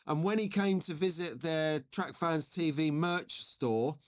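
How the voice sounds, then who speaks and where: This forties-aged streamer talks in an unhurried, slightly high voice, wandering through casual chat and pausing to read his viewers' comments.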